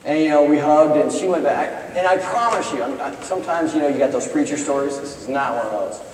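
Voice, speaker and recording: A man's voice: a little high, a little fast, a little hiss or hum. Dramatic middle-aged man telling a story in a chapel. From Iowa, United States. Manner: dramatic storyteller, swings from urgent to hushed. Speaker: guest chapel speaker, business professor. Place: large chapel hall. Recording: echoey hall, voice from far off.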